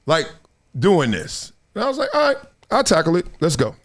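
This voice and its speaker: A man's voice: on the high side, huge pitch swings, normal speed, fairly bright tone. A male show host chatting casually on a livestream, telling stories with lots of laughter and acting out other people's lines.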